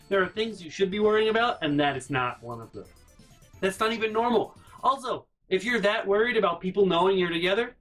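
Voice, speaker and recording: Sick guy vlogging, out of breath, super animated and fed up, kinda high voice. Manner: exasperated, incredulous rants with repeated no's. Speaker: vlog host. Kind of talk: casual storytelling monologue.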